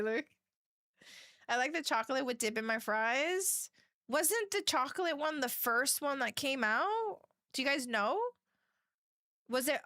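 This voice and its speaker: Woman streamer, bright, fairly high voice, giggly chat, dry close sound. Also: no echo. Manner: giggly and chatty, laughs often; reads viewer messages aloud. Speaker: livestreamer. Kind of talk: casual chat with a live audience.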